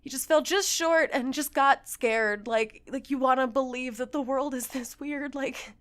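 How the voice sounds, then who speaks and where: A woman's voice: high-pitched, a little slow. A woman hosting casual commentary, reading posts aloud and reacting with sarcasm and frequent laughter. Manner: sarcastic, animated, laughs often.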